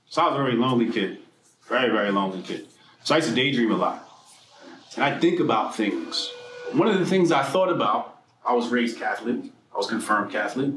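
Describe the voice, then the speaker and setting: A man telling a story in a casual, joking way, his pitch swinging up and down a lot as he goes. He swears freely and plays his stories for laughs. The sound is roomy and echoey, with faint background noise. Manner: humorous, profane, animated storytelling. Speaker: speaker at a political mixer. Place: event hall.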